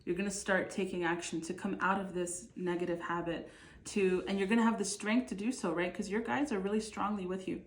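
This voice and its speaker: A woman's voice: medium pitch, steady tone, a little fast. A woman giving a casual tarot reading to her viewers, speaking with many fillers and restarts, with a bit of a cough. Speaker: tarot reader. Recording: echoey room.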